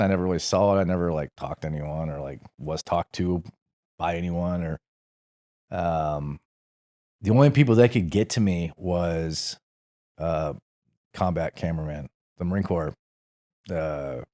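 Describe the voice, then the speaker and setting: A man in his forties, a podcast guest telling stories in a relaxed, rambling, salty way, full of fillers and the odd curse. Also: low voice. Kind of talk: casual storytelling interview.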